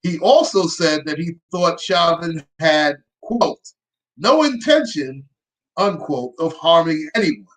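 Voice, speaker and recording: A deep-voiced woman hosting her own show reads a news report aloud and adds dry, sarcastic asides. The recording quality is low.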